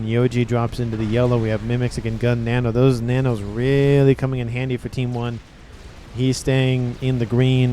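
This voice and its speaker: A man's voice: mid-range voice, mellow, slight background noise. Man casting a strategy game replay. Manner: chatty, thinks aloud, corrects himself. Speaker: game caster. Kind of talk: casual play-by-play commentary.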